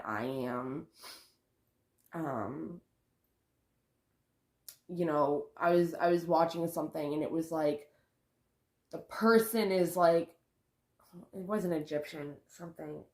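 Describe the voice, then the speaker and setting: A woman's voice: low voice, echoey room. A woman talking casually to her vlog camera about spiritual growth, rambling and correcting herself as she goes. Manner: rambling, self-correcting, sighs and laughs. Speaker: vlogger.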